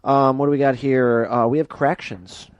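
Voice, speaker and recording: A man's voice: medium pitch, fairly even intonation, dull audio, a crowd in the background. A man co-hosting a comedy talk show, chatting casually and tossing in wisecracks. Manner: wisecracking, quick interjections. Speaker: co-host.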